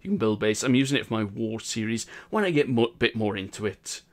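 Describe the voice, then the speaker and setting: A man's voice: on the low side, expressive, brisk. A man with a Welsh accent hosting a game live stream in casual, upbeat chat and laughing often.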